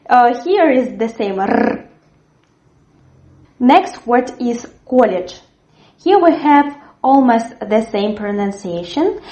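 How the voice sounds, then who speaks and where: A woman teaching a language lesson, sounding out words slowly and cheerfully so viewers can repeat after her. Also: on the high side, dark tone. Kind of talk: slow, clear language lesson. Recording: echoey room, dull lo-fi sound.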